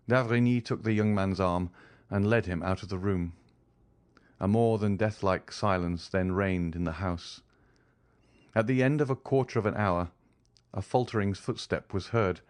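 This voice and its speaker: A man narrates a classic novel in a measured, steady audiobook reading. His voice is low, and the recording is dry and close to the mic. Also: dry recording.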